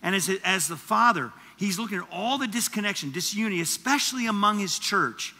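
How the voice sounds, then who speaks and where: A man preaching a sermon as teaching pastor, animated and conversational, with asides to the congregation. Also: high-pitched, a little fast, in a large hall. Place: church auditorium.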